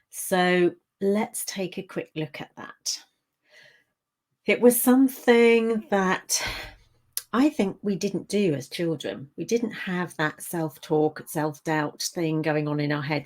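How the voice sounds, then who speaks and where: A woman coach giving a motivational talk to camera, earnest and conversational, acting out the inner voices she describes. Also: lowish voice.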